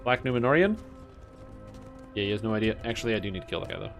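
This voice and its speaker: A young man streaming a game, chatting casually with amused, excitable bursts. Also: on the low side, fast talker, creaky, soft background music. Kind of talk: casual gameplay commentary.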